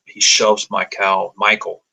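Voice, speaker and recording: A man improvising a story aloud, describing scenes as he goes, often pausing and restarting mid-sentence. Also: deep voice, completely flat delivery, gravelly, bright, forceful tone, slightly rough, low-quality recording. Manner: halting, searching for words, many restarts.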